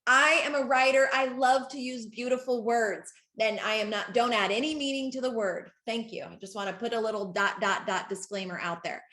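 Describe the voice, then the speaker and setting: A woman coaching a live group call, excitable and quick to laugh, speaking straight to her audience. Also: fairly high pitch, reverberant. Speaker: network marketing coach.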